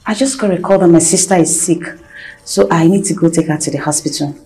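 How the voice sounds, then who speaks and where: A woman's voice: on the low side, quick pace, mellow, breathy edge, rough recording. Hesitant young woman, Nigerian accent, apologetic, film drama. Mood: nervous. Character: young woman torn over a lie to her boss. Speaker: office employee.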